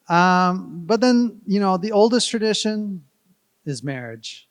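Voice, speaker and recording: Smooth-voiced man giving a joking toast. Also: high-pitched, lively intonation, slow, dry recording. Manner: playful, joking, rambling asides. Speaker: wedding guest giving a toast. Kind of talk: humorous wedding speech. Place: wedding reception.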